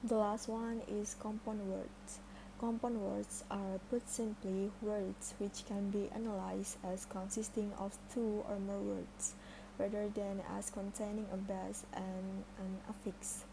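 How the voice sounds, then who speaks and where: A young woman with an Indonesian accent slowly and carefully reading a student presentation. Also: medium pitch, little pitch movement, vocal fry, background noise. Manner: slow careful reading of examples.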